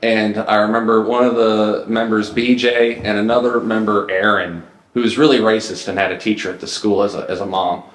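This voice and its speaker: A man hosts a podcast in casual comedic chat, with a low voice. He tells stories in a deadpan, mock-grandiose way. The room sounds echoey around him. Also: fairly quick, a little hiss or hum. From Mississippi, US. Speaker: podcast host.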